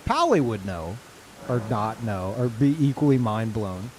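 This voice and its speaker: A man's voice: lowish voice, very animated, a little slow, slight background noise. A man streaming a game live, reacting in disbelief, swearing often and laughing a lot. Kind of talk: live gameplay commentary.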